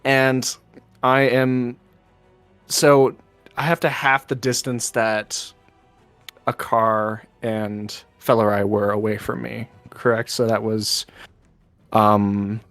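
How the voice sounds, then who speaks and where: A man plays a tabletop game, speaking at a slow pace as he works through his turn and fills the gaps with ums. His voice is dry and close, with faint music behind him. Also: fairly low pitch, level tone, a bit bright, no echo. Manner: slow, thinking aloud with fillers. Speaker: player.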